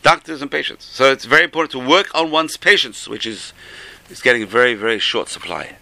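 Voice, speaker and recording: A man's voice: mid-range voice, fairly quick, gravelly, sharp tone, slight background noise, low-quality recording. A man, teaching a Torah class, who repeats key phrases for emphasis and tells jokes along the way. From England.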